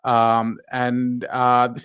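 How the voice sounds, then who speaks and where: A man's voice: medium pitch, completely flat delivery, very slow, a bit bright, clean tone, no room sound, muffled recording. A man hosting a casual podcast chat, rambling through fillers with a dry, self-mocking manner. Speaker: podcast host.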